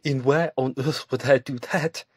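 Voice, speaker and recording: A man's voice: steady tone, moderate pace, husky, no echo, clean studio sound, lightly acted. A man reading an audiobook, voicing a sarcastic, scheming young woman in a raised, sharper tone. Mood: scoffing. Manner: higher, louder, sharp retorts.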